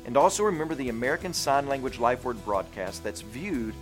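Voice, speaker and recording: A man's voice: medium pitch, fairly quick, music in the background. A man delivering a short devotional sermon as a radio preacher, earnest and emphatic, stacking rhetorical questions.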